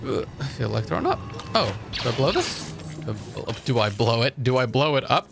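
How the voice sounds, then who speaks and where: Young man, gameplay commentary, excitable and jokey, swears a lot, lively voice, game music behind. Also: mid-range voice, brisk, gravelly. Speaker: gaming channel host. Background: game music and sounds.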